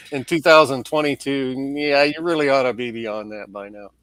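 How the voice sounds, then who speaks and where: A man's voice: medium pitch, fairly even intonation, normal speed, fairly bright tone, smooth, no room sound. A man co-hosting a tech podcast, chatting casually with a wry tone and frequent chuckles. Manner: wry, chuckles at his own remarks. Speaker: podcast co-host.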